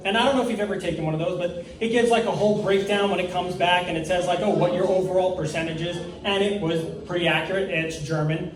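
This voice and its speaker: A man's voice: high voice, a little fast, few pauses. A young man from New York doing a stand-up comedy set on stage, with a rehearsed, slightly stiff delivery and long setups. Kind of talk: stand-up set at an open mic. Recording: echoey room, mic far off.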